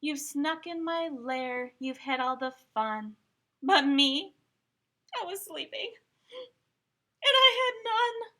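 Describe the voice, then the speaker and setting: A woman voicing a big sleepy storybook bear who complains, jumping up in pitch. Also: expressive, slow pace, pauses often, pushed and bright, exaggerated voice. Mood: sulky. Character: big sleepy bear, grumpy then weepy.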